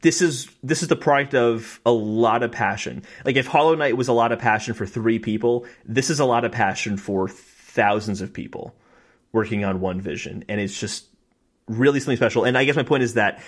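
A young man co-hosting a podcast, telling stories in an excited, fast, casual way with many fillers and acted-out quotes. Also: mid-range voice. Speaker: podcast co-host. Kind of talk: casual chat.

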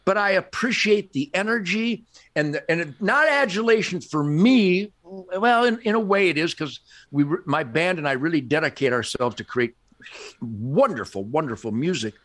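A man's voice: a little high, expressive, moderate pace, fairly bright tone. An older man, a podcast guest, telling stories in an emphatic, boastful way and laughing often. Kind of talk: animated storytelling in conversation.

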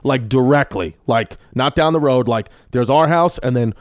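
A comedian guest telling stories in casual chat, animated and profane, acting out quotes. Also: male voice, mid-range voice, moderate pace, dry recording, clean studio sound. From New York. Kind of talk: casual storytelling.

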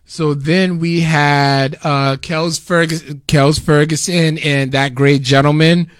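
A man co-hosting a casual chat, upbeat and quick to chime in. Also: a little high, fairly even intonation, no echo, clean studio sound. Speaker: podcast co-host.

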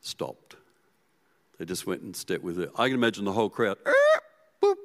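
A man preaching a sermon as pastor, telling the story with animation and swinging from loud to hushed. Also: low-pitched, brisk.

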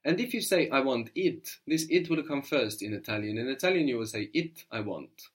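Brief: male language tutor, patient, coaxing, mid-pitched, guiding a learner step by step. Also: expressive, moderate pace, breathy edge. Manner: patient, prompting, often asks "no?". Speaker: language teacher. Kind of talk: spoken language lesson.

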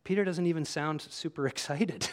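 A man preaching a sermon to his congregation, animated and conversational, acting out quoted voices as he tells the story. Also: a little high, moderate pace. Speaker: pastor. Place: church room with congregation.

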